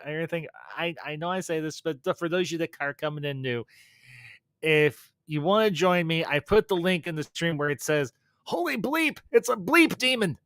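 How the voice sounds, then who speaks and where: A man with a slightly high voice hosts a livestream and recaps a film in casual chat. He talks animatedly, often laughing and restarting his sentences. His voice is close and dry. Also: a little fast, fairly bright tone, smooth, no room sound. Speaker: livestream host.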